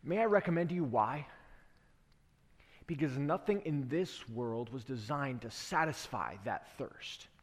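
A man's voice: medium pitch, expressive, a little slow, in a large hall. A male preacher delivering an earnest sermon that tells a story and asks rhetorical questions, in a church.

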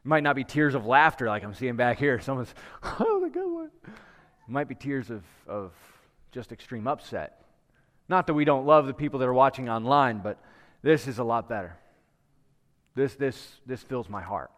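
A man's voice: medium pitch, moderate pace, a bit bright, long reverb tail. A male pastor preaching to a live congregation in a church, praying, telling a story and asking the people questions in a conversational way. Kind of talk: sermon with prayer and storytelling.

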